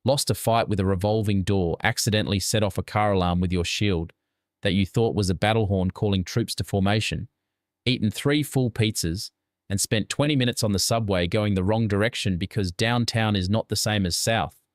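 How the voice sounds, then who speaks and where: A man narrating a scripted second-person story in a steady deadpan manner, as a close-mic voice-over. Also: on the low side, normal speed, no echo.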